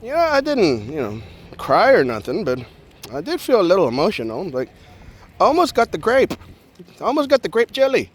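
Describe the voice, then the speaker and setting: Guy vlogging a wild story, high voice, super bouncy swoopy pitch, jokey, does voices for everyone. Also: moderate pace, slightly rough. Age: adult with a young daughter. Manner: animated and joking, acts out the people in his story. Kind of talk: casual storytelling to camera.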